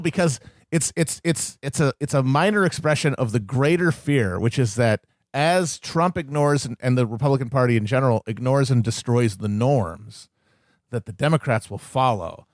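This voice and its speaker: A man co-hosting a podcast, arguing political points in quick, profane explanations. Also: medium pitch, dry recording, studio quality. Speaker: podcast co-host. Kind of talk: casual political banter.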